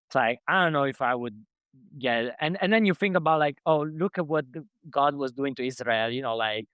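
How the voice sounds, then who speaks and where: A man hosting a podcast interview, speaking as an in a halting way full of restarts and fillers. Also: mid-range voice, a bit bright, clean tone, dry recording. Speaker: podcast host. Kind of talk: conversational interview.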